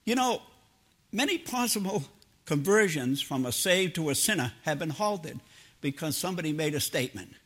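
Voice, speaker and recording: A man's voice: fairly high pitch, expressive, normal speed, fairly bright tone, slightly rough. An older man preaching a sermon in a homespun, plain-spoken way, mixing personal stories with scripture. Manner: homespun, plain-spoken, drops into everyday grammar.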